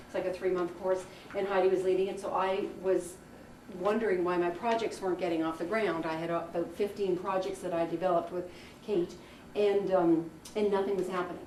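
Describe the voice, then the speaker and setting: A woman leading a career workshop for a group, telling anecdotes in a chatty, animated way. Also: on the low side, a little fast, slight background noise. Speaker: workshop leader. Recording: echoey room from far off, faint ambience.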